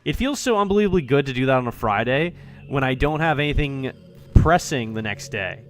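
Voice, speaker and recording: A man's voice: medium pitch, lively intonation, brisk, faint music behind, natural voice. A man reading aloud a cheerful young female club president from a visual novel, in a playful, teasing way. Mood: cozy.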